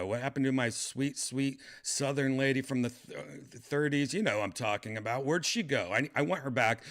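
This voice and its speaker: A man's voice: mid-range voice, a bit bright. A man hosting a casual livestream chat, rambling and hesitant, full of fillers and restarts. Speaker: podcast host.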